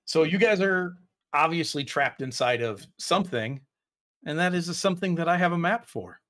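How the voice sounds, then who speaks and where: A man's voice: on the high side, lively intonation, moderate pace, fairly bright tone. A man running a tabletop game as game master, narrating casually with fillers and restarts.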